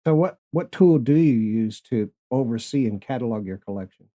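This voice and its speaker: Male podcast host interviewing a guest; enthusiastic, mellow tone. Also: mid-range voice, lively intonation, moderate pace. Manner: enthusiastic, asks questions.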